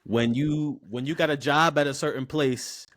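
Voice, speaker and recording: A man, telling stories as a podcast guest in a loose, slangy, animated way. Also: fairly high pitch, normal speed. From Baltimore, USA. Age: 20s. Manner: animated, slangy, repeats words when starting sentences. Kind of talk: casual interview storytelling.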